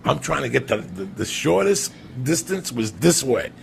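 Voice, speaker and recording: Low rough-voiced guy ranting a dirty funny story on a podcast, lots of background hiss. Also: sing-song, moderate pace. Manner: profane, emphatic, keeps addressing the listener by name. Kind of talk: casual comic storytelling.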